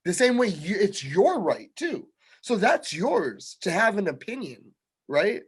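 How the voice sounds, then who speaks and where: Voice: medium pitch, big pitch swings, unhurried, slightly rough. A panelist arguing a point earnestly in a casual chat.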